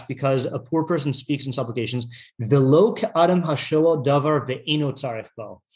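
A man leading a casual text study class, reading passages aloud, translating them and riffing with lots of fillers and restarts. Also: mid-range voice. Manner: chatty, full of fillers, reads Hebrew text then translates. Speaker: Torah teacher.

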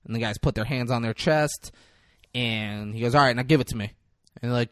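A man in casual chat, retelling a film scene with lively acted-out lines and plenty of swearing. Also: medium pitch, quick pace, no echo, clean studio sound. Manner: animated storyteller, acts out lines, swears freely.

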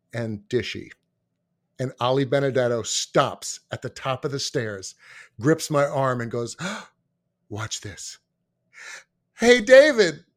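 A man in his late fifties hosting an interview podcast and telling lively anecdotes. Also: mid-range voice. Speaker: podcast host. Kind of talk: casual interview.

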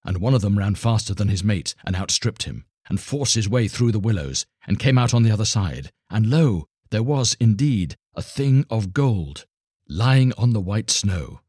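Male storyteller, deep husky voice, lively expressive reading, dry close sound. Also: moderate pace, no room sound. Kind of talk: children's story narration.

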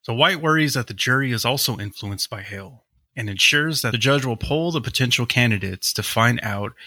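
Bright-voiced man narrating a true-crime story. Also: medium pitch, animated, fairly quick, no room sound. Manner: reads steadily, then breaks into wry jokes. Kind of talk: reading a story aloud with casual asides.

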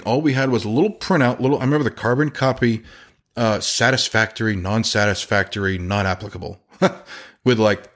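A man who runs a chimney sweep company, talking casually on a podcast and acting out the people in his stories. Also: on the low side. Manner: animated storyteller, acts out quotes.

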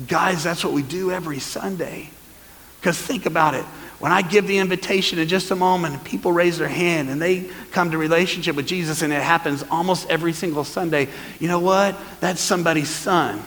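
A man preaching a sermon as pastor, lively and calling on the congregation to answer back. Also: a little high, fairly quick, long reverb tail, rough recording. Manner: lively, calls for congregation responses. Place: church hall.

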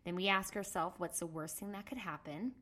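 A woman's voice: lowish voice, a little fast. A woman in her thirties hosting a podcast, talking earnestly through a personal story. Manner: earnest, storytelling, acts out her past self loudly. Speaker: podcast host. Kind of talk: casual monologue.

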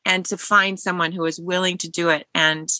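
A woman's voice: fairly low pitch, level tone, brisk, bright, forceful tone, no echo. A woman in casual chat, reflective and emphatic about a friendship.

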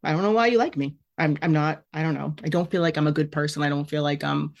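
A woman's voice: deep voice, fast, creaky, hardly any pauses. A woman hosting her own podcast, talking candidly and emotionally about her feelings. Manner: candid, emotional, self-reflective. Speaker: podcast host. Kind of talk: personal podcast monologue.

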